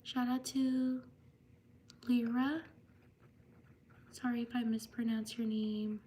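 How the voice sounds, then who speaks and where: A woman live streaming who reads out viewer shout-outs slowly, stumbling over names and apologizing for them. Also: fairly high pitch, little pitch movement, far from the mic. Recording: voice a bit off-mic with faint background hiss.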